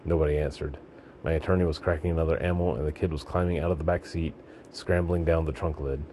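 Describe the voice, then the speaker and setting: A man reading a story aloud in a gritty, deadpan manner, breaking into shouts for the dialogue. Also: rumbling low, fast, slight background noise. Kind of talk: audiobook narration.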